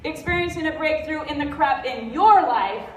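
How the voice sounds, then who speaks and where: A woman's voice: sits high, normal speed, a bit bright, a little hiss or hum. A middle-aged woman giving a blunt, fired-up, jokey motivational talk from a convention stage, sounding stuffy and congested. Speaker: convention speaker. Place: large convention hall. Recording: roomy hall audio from far off.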